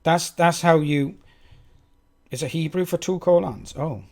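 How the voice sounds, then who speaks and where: A man's voice: on the high side, a little slow, a little mellow. A man with a Welsh accent thinks aloud as he codes on a live stream, chatting with viewers and poking fun at himself. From Wales. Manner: chatty, self-mocking, talks to chat.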